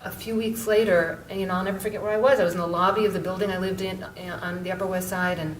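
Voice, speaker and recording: A middle-aged woman author telling a story on a panel, halting, with many restarts and fillers. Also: steady tone. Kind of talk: conversational storytelling. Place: book event room, indoors. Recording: echoey room, mic far off, faint rumble.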